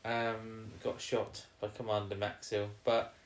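A man's voice: lowish voice, monotone, takes it slowly, roomy sound, a little hiss or hum. A man co-hosting a podcast, recapping an episode in casual, rambling chat with teasing jokes.

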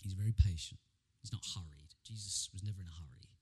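A man preaching a sermon as pastor, telling Bible stories with animated energy and frequent stammered repeats. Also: low-pitched, fast, husky.

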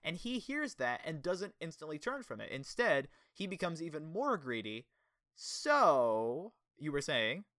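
Young guy, bright voice, super animated, dry close sound, laughs a lot while chatting. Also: a little high, unhurried, dry recording. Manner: animated, laughs often, acts out quoted lines. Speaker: podcast co-host. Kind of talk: casual chat reviewing a kids' show episode.

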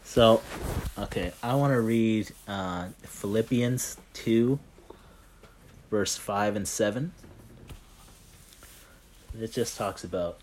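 Animated man telling faith stories. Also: lowish voice, slow pace, pauses often, slight background noise. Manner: animated storyteller, heavy on fillers like "like" and "right?". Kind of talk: casual faith chat.

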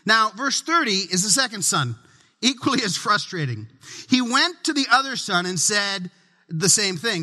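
A middle-aged male pastor preaches in a high, piercingly bright voice, joking and conversational as he acts out little scenes from home. His words ring out into the long echo of a large church sanctuary. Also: sing-song, normal speed. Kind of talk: sermon.

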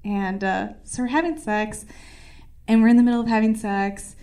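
Young woman, stand-up comedian, rambling, filler-heavy, profane, self-deprecating, slightly high voice. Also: steady tone, moderate pace, warm tone. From Puerto Rican heritage. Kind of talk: stand-up storytelling.

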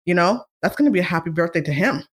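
A woman's voice: on the low side, expressive, fast talker, husky. A woman hosting a solo podcast, talking in a casual, blunt and profane way, exasperated and ranting. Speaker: podcast host.

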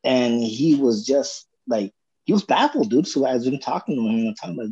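Husky laid-back man telling a story. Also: medium pitch, moderate pace. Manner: relaxed, keeps saying "dude". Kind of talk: casual storytelling. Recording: dull lo-fi sound.

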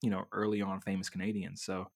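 A man's voice: low voice, completely flat delivery, fast, creaky. A man co-hosting a casual chat, rambling with many fillers and restarts as he tells a story.

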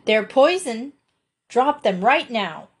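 A woman's voice: fairly high pitch, unhurried, pitched above the performer's own voice, close to an everyday voice. A woman reading aloud and voicing a bossy, prim farm girl who speaks disapprovingly.

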